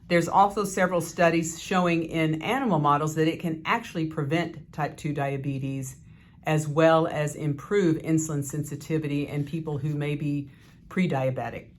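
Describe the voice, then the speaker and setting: A woman physician giving an educational health talk in a measured, explanatory way, with occasional fillers. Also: low voice.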